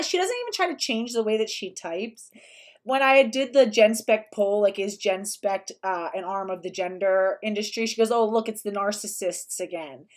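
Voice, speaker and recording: A young woman hosting a casual livestream, talking in a chatty, sarcastic way with lots of "like" fillers. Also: mid-range voice. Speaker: livestream host.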